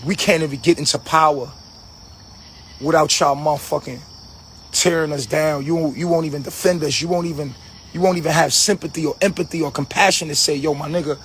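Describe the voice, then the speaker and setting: A man's voice: on the high side, fairly even intonation, fairly quick, a bit bright, a little hiss or hum. A man hosting a livestream, delivering a profane, aggressive, preachy rant full of repetition. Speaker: livestream host.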